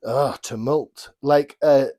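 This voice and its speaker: A man's voice: mid-range voice, fairly even intonation, slow, mellow. A man co-hosting a casual Bible study podcast, rambling and restarting his sentences, often breaking off to add apologetic asides. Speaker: podcast co-host.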